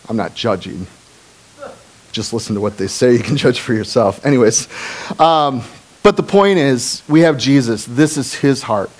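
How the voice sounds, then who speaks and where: A male pastor preaching a casual, joking sermon, full of asides and fillers. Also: mid-range voice. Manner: animated, jokey, with asides and fillers.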